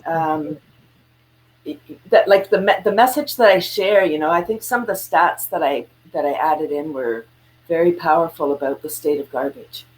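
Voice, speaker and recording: A woman with a low-sitting voice talks at a normal speed as a guest entrepreneur on a video call. In this casual interview chat she tells stories with animation, acting out quotes and laughing along the way.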